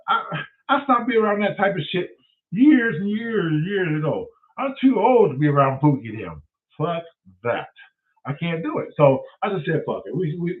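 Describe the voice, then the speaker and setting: Man, profane comic storytelling, acts out voices, slightly high voice, phone-like distant sound. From Detroit, USA. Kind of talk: comedic storytelling.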